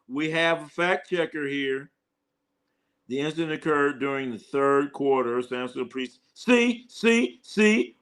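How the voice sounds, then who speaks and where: Animated Bay Area man streaming sports talk. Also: fairly high pitch. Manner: animated, joking, reads chat comments aloud. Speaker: sports show host.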